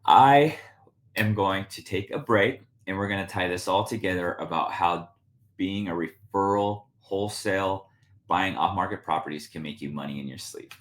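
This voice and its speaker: A man's voice: low-pitched, moderate pace. A man hosting a podcast, telling a casual story with lots of laughing and acted-out quotes. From United States. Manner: animated, laughing, acts out quoted voices. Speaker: podcast host. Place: Spokane, Washington.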